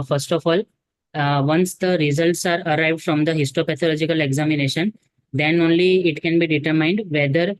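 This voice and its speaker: A man's voice: a little high, no echo, poor audio. A man playing a doctor in a practice exam, speaking formally and hesitantly with many fillers. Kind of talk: medical role-play.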